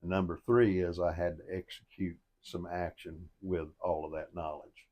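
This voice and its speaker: A man's voice: low voice, little pitch movement, normal speed, darkish tone. An older man telling a boating story in a folksy, plain-spoken and earnest way, as a motivational storyteller. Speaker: storyteller and life coach.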